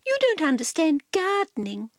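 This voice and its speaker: A high, lilting storybook cat put on by a woman, superior and lecturing in tone. Her voice swoops up and down as she explains things slowly. The sound is close and dry. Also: wildly swooping pitch, dry recording, heavily acted. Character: haughty know-it-all female cat.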